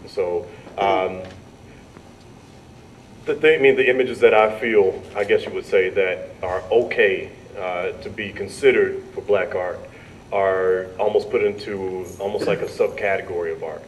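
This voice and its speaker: A deep-voiced man speaks on a panel, hesitant and thoughtful, often pausing to rephrase. He sits some distance from the mic. A faint hum runs behind him. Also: fairly even intonation. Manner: hesitant, many fillers and restarts. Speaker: artist and art teacher panelist. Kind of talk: panel talk.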